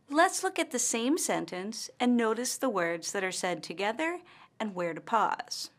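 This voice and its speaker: A woman's voice: medium pitch, a bit bright. Careful woman teacher narrating a lesson. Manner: slow, careful and instructional. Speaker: English pronunciation teacher.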